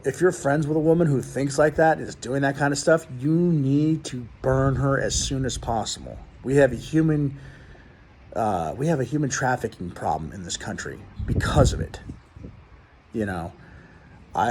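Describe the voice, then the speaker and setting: A man's voice: medium pitch, a little mellow, slight background noise. A man hosting his own show, ranting bluntly and rambling to his viewers with many restarts. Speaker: show host. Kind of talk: casual rant to viewers.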